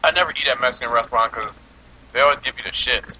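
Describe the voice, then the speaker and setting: A man's voice: medium pitch, fast talker, slightly rough, rough recording. A man hosting a podcast in casual chat, telling stories with lots of laughs while eating. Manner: animated storytelling, laughs a lot. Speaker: podcast host.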